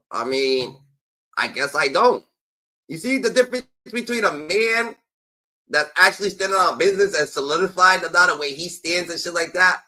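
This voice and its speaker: A man's voice: sits high, bright, forceful tone, low-quality recording. A man hosting a live stream, rambling and scolding, often trailing off with "da, da, da.". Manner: profane, scolding. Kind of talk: heated casual live-stream talk.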